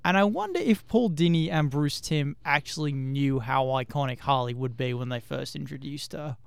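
A podcast host in a casual pop-culture chat, relaxed and agreeable. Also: mid-range voice, normal speed, gravelly, smooth, dry recording.

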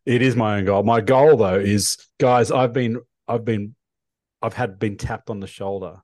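A man's voice: on the low side, steady tone, moderate pace, a little mellow, no echo, studio quality. A man co-hosting a radio show over a video call, with a scratchy sore throat, rambling and laughing at himself. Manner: rambling, self-deprecating, laughs often. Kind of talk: casual chat.

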